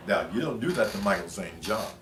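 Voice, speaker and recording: An older man from Pennsylvania, telling animated anecdotes as an interview guest, with many fillers and restarts. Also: on the low side, brisk. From Pennsylvania, USA. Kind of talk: anecdotal storytelling. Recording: roomy, distant mic, faint noise.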